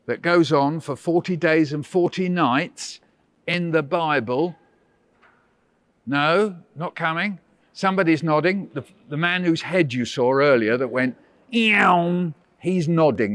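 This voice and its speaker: A man's voice: fairly high pitch, no echo. A man, a visiting author, running a playful storytelling workshop for children and coaxing them with questions.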